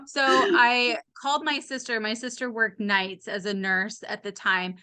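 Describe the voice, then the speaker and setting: A woman in her late thirties or forties, guesting on a podcast, tells a frank and funny personal story in a smooth, slightly high voice at a measured pace. She's animated and candid with wry humor, acting out the voices of the people involved.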